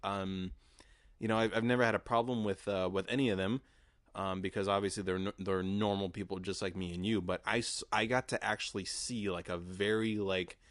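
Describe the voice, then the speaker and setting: Brief: young male podcaster, low voice, dry close mic, rambling and profane with lots of "uh" and "like". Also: no room sound. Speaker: podcast host. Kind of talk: casual storytelling monologue.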